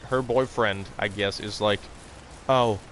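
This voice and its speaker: Low-voiced, profane young gamer guy. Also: normal speed, a bit bright, slight background noise. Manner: profane, rambling, blunt. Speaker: gaming live streamer. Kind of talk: casual live-stream chat.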